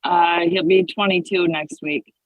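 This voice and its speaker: A woman's voice: lowish voice, fairly even intonation, measured pace, no room sound. Woman on a tinny, dry phone line. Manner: brief questions and affirmations. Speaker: caller. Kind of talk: coaching call.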